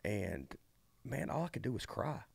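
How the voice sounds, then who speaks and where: A middle-aged man, a college baseball coach telling his story as a podcast guest in a folksy, animated way full of fillers and restarts. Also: medium pitch, normal speed, gravelly, breathy edge, no room sound. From eastern North Carolina. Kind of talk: casual storytelling conversation.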